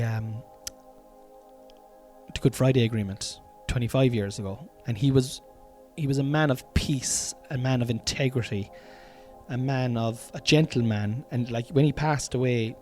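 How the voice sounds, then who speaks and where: An Irish man of ordinary mid-range pitch rambles through a casual comedy podcast from a room at home, cursing now and then and calling his listeners lads. Faint music plays softly behind him. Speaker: podcast host.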